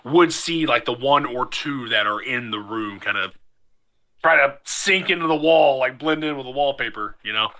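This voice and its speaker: A man narrating as game master of a tabletop game, relaxed and thinking aloud with many fillers. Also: mid-range voice, moderate pace.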